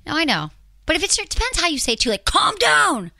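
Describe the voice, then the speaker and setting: Bright, animated woman hosting an advice show. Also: high-pitched, very fast, dry recording, studio quality. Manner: animated, acts out quoted lines. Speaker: sex and relationship advice show host. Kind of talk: casual advice chat.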